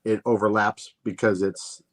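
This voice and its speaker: A man's voice: on the low side, flat delivery, normal speed. A middle-aged man on a comedy chat show, laid-back and full of questions. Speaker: co-host.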